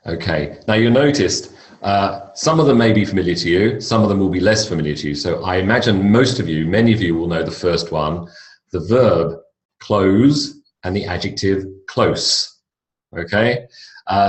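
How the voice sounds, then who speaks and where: Australian male teacher, low voice, deliberate and repetitive delivery, roomy echo. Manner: slow, deliberate, repeats words for emphasis. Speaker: English pronunciation teacher. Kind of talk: recorded online lecture.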